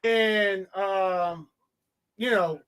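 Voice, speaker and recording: Animated, profane woman reviewing films. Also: mid-range voice, extremely slow, smooth. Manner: animated, profane, repeats phrases for emphasis. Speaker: film review co-host. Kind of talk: casual podcast chat.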